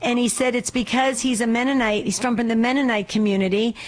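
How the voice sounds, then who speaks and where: A woman's voice: fairly high pitch, steady tone, brisk. A woman co-hosting a call-in religious radio show, giving reassuring, encouraging counsel to callers.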